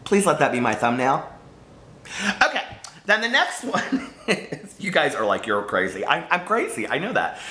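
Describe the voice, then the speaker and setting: Lively, chatty man in echoey room. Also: a little high, normal speed, long pauses. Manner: chatty, playful, gushing. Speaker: book vlogger. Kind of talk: casual chat to camera.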